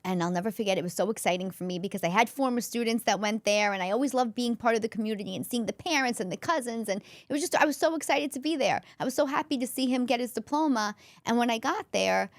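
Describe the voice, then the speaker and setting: A woman's voice: a little high, fast talker, hardly any pauses, no echo, studio quality. A woman, a comedian and former school counselor, telling a personal story as a podcast guest in an earnest, emotional way, often restarting her sentences.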